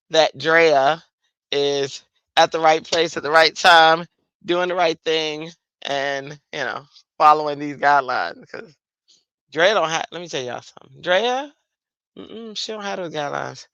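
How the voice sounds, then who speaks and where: A woman hosting a late-night craft livestream, chatting casually with lively voiced asides. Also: sits low, no room sound, low-quality recording. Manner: chatty, animated storytelling with playful voiced asides. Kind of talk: casual chat.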